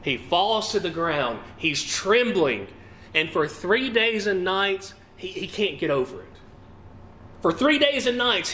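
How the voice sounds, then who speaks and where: A man's voice: high-pitched, very animated, slow pace, bright, forceful tone, slight background noise. A man preaching a sermon to a congregation, asking them questions and reading scripture with emphatic, rising and falling delivery.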